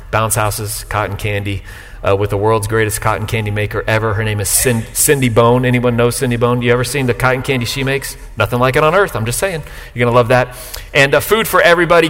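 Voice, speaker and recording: A man preaching a sermon to a live congregation, joking and swinging between loud bursts and quiet asides. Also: medium pitch. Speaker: pastor. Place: church sanctuary, live congregation. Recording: long hall reverb.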